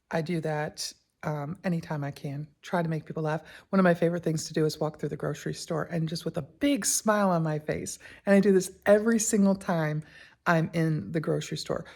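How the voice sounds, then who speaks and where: A woman's voice: lowish voice, a little mellow. An older woman hosting her own channel, chatting casually and laughing often as she tells stories. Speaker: YouTube channel host. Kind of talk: casual vlog monologue.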